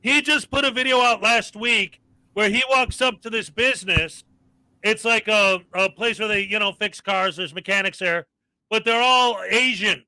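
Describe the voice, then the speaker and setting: A man's voice: sits high, moderate pace, pushed and bright, no room sound, rough recording. A man co-hosting a casual live-stream chat, ranting and reeling off long lists of names.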